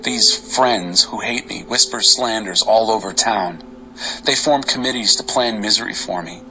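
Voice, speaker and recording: A man giving an expressive, dramatic reading of Bible psalms over faint music. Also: lowish voice, moderate pace, slight background noise, poor audio. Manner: expressive, varied delivery. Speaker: scripture reader.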